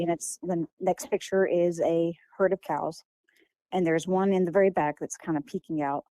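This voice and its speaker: Soft-spoken hesitant young woman. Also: fairly low pitch, steady tone, moderate pace, no echo, poor audio. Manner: hesitant, many fillers and restarts. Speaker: guest author. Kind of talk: casual interview answers.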